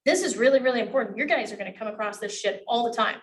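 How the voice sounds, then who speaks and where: A woman's voice: on the high side, racing. A woman coaching real estate agents in a classroom. She is blunt, swears freely and acts out dialogue as she teaches. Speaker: real estate negotiation trainer. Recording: voice from a distance.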